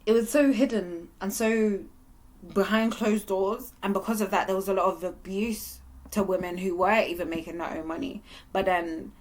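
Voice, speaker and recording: A young woman gives a candid vlog monologue straight to camera. She speaks at a mid pitch and keeps the talk lively and open. Her delivery is animated, and laughter sometimes breaks through. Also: moderate pace. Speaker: vlogger.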